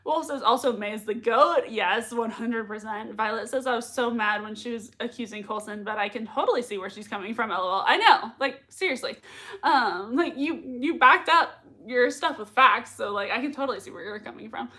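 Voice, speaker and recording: A young woman hosts a live reaction stream, gushing and repeating herself as she reacts and reads out chat messages. Her voice is on the high side, brisk, bright, and forceful.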